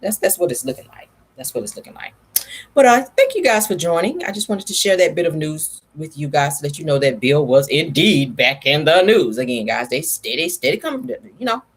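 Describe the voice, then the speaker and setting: Sassy, husky woman gossiping. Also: low voice, big pitch swings, a little fast. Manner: sassy, chatty, addresses viewers as honey and y'all. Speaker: vlogger. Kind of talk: casual gossip commentary.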